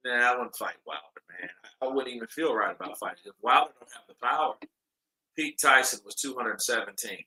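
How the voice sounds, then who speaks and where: Male boxing watch-along host, casual and excitable, mid-pitched, very bright and forceful. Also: normal speed, rough recording. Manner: loose, chatty, excitable, swears casually. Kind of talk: casual live fight commentary and storytelling.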